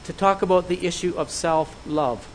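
A high-pitched male preacher delivers a sermon in an earnest, measured way. He speaks in steady phrases and turns to his listeners with searching questions. A faint hum sits behind his voice. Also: rough recording.

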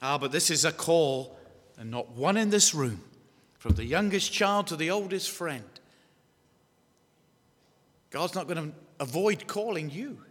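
An English-accented man preaches with a high, bright, forceful voice. He stresses his words, repeats them and keeps asking the congregation questions. A long reverb rings through the hall around him. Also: animated, unhurried, pauses often. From England. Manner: emphatic, repeats key phrases, asks the congregation questions. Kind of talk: evangelistic sermon. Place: church hall.

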